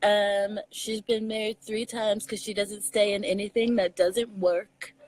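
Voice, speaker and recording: A young adult woman from Texas with a Southern accent, chatting casually as a comedian guest, animated and laughing often. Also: mid-range voice, unhurried, no room sound, low-quality recording. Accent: Southern US, Texan. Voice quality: animated storyteller, laughs often, mixes in slang. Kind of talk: casual chat.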